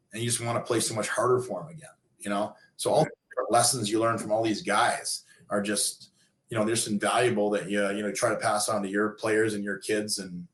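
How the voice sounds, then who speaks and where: Middle-aged male podcast guest; low-pitched, rambling casual stories, roomy echo. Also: a bit bright. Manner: rambling, many fillers and restarts. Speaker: guest, former pro hockey player and coach. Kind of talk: casual storytelling in a podcast interview.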